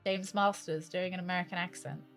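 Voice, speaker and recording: A woman's voice: on the low side, steady tone, brisk, a bit bright, soft background music. A young woman with a British accent chatting playfully with her viewers while streaming a game. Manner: chatty, playful, teasing banter with chat. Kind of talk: casual let's-play chat.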